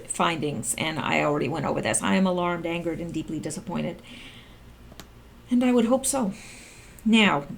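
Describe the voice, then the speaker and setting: A woman's voice: lowish voice, gravelly. A middle-aged woman doing casual political commentary, reading documents aloud and reacting with sarcastic exclamations.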